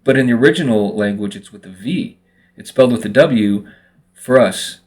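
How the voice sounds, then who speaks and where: In a relaxed vlog, a man with a somewhat low voice addresses his viewers directly to camera at normal speed, wandering from thought to thought with lots of fillers.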